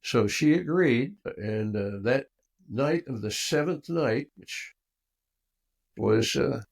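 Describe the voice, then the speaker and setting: A man's voice: slow, vocal fry, breathy edge. An older man, a guest on an interview show, telling a personal story and acting out the dialogue with big swings in voice. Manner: animated storyteller who acts out dialogue with big swings in pitch and loudness.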